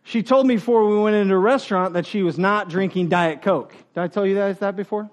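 A man preaching a sermon as pastor, animated and joking, acting out quoted voices and laughing with the congregation. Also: sits high, fast talker.

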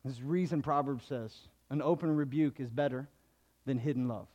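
A male pastor preaching a sermon to a congregation, animated, acting out the people in his stories with big swings in his voice. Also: medium pitch, moderate pace, muffled recording. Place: church hall before a congregation.

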